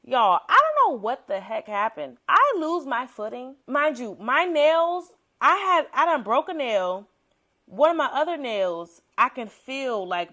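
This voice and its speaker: A woman's voice: fairly high pitch, bright, forceful tone. A young woman podcast host telling a story in a casual, slangy way, acting out quotes with big jumps in her voice.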